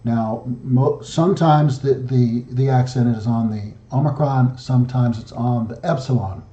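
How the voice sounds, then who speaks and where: A man leading a study group, talking slowly and methodically through slides and reading word forms aloud. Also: medium pitch, dark tone. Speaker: founder and study group leader. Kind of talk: solo language lesson over slides. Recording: dull lo-fi audio in an echoey room.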